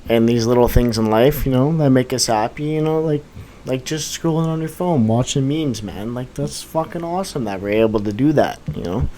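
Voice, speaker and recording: A young man in casual chat, agreeing warmly and swearing casually, calling people bro and dude. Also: mid-range voice, normal speed, a little hiss or hum, low-quality recording. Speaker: podcast co-host.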